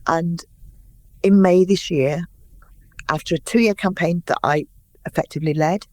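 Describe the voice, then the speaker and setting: Lively older woman telling anecdotes. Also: lowish voice, measured pace, dry recording. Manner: lively anecdotal storyteller, acts out quotes. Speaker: guest. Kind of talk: interview storytelling.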